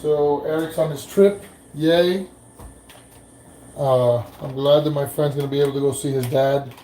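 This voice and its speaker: A man's voice: fairly high pitch, steady tone, a little slow, dark tone. Male vlogger, rambling casual chat over cooking, noisy kitchen. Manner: rambling, many fillers and restarts. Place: home kitchen. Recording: noisy room ambience.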